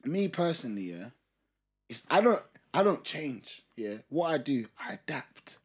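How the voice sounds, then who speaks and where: A man's voice: on the high side, a little slow, slightly rough. A young man with a South London accent, chatting casually and laughing often in a podcast conversation. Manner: laughs often, animated banter. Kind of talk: casual chat.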